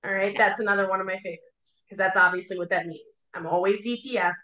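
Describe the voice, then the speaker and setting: A woman's voice: mid-range voice, fast. A woman chatting and joking as a podcast guest. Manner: joking, animated. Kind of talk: casual podcast chat. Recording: echoey, dull lo-fi room audio.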